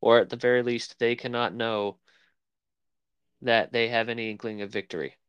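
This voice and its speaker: A man's voice: mid-range voice, fairly even intonation, normal speed, a bit bright, clear, resonant tone, dry recording, muffled recording. A man co-hosting a casual film podcast, rambling and searching for words as he talks. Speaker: podcast co-host. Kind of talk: casual chat about film.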